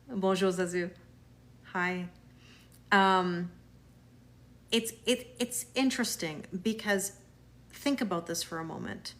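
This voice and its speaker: A woman's voice: medium pitch, unhurried, long pauses, fairly bright tone. A woman with a Canadian accent, a tarot reader chatting live with viewers in a reassuring way, often restarting her words. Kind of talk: live-stream chat with viewers.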